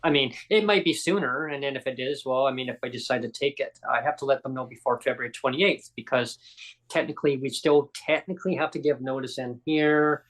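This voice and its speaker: A man's voice: mid-range voice, fairly quick, low-quality recording. A man hosting a casual podcast chat, telling a story animatedly and acting out the people in it. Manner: animated storyteller, acts out quotes. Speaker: podcast host.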